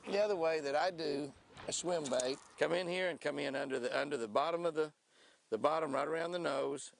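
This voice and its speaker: Fairly high-pitched with noticeable vocal fry, this older man runs an outdoor fishing show on a lake. His talk is folksy and chatty, a casual demonstration where he laughs and whoops with excitement each time a fish bites.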